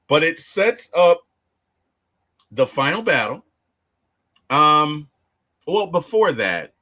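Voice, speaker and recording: Animated man retelling a film, lively pitch. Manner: animated storytelling, acts out character lines. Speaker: movie reviewer. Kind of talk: casual film discussion.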